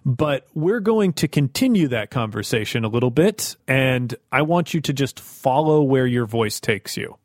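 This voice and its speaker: A man's voice: medium pitch, expressive, moderate pace, hardly any pauses, dry recording, studio quality. A man co-hosting a podcast, encouraging and coaching the others in casual chat.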